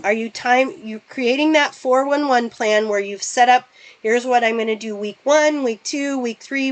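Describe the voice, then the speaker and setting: A woman's voice: on the high side, poor audio. A woman presenting a business planning webinar for real estate agents, asking the audience direct questions and walking them through sales math step by step. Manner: talks through numbers step by step.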